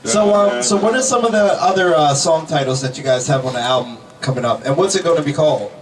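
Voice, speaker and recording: A man's voice: a little high, fast talker. A man co-hosting an interview, asking questions and nodding along with short replies. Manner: encouraging with short backchannels. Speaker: co-host. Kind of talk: casual interview chat. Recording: distant mic with crowd behind.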